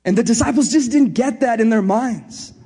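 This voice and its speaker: Man, high voice, sermon, animated, playful, acts out scenes. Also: moderate pace, husky. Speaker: pastor.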